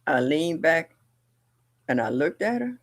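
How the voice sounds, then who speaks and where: An older woman hosting a livestream, chatting casually and bluntly, telling family stories with animated delivery and laughter. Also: low voice, a little slow, no room sound. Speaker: livestream host. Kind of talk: casual storytelling chat.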